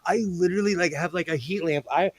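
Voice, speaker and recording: A man's voice: high voice, fast talker, slightly rough. A man hosting a casual chat while sewing, rambling and telling stories with animation. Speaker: host.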